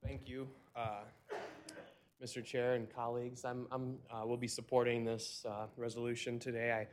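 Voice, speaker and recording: A man's voice: medium pitch, monotone, moderate pace, slight background noise. A man who is a county board supervisor, giving a hesitant speech at a public meeting with many fillers.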